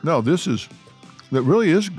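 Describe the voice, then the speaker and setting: Relaxed joking male podcast host. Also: fairly high pitch, normal speed, soft background music. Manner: relaxed, joking, chuckles often. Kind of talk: casual chat and sign-off.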